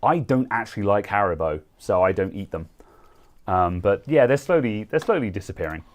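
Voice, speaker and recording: A man's voice: fairly low pitch, animated, normal speed. A British man co-hosting a casual tech chat, chatty and rambling, often laughing and trailing off mid-thought. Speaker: co-host.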